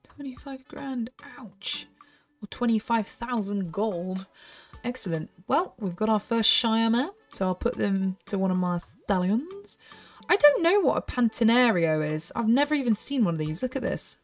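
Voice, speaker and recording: A woman's voice: fairly high pitch, sing-song, normal speed, faint music behind. A woman chatting casually as she plays a horse game, thinking aloud with giggly asides. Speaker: gaming YouTuber. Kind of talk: casual gameplay commentary.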